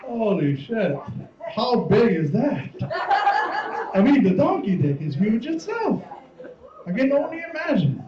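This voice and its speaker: A man's extremely high, sing-song voice moves at a measured pace with frequent pauses as he does a stand-up set, rambling, swearing and voicing other people's lines. The live recording from the comedy stage is very noisy, distant, roomy and muffled, with the audience heard.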